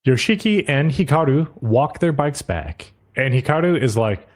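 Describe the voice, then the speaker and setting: Man recapping with lively pitch. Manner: retells scenes with quick quoted asides. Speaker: podcast co-host. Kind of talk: casual episode recap.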